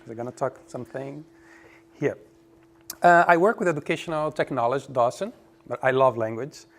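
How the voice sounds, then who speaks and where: A man from Brazil, giving a relaxed, joking conference presentation. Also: mid-range voice, moderate pace. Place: conference room.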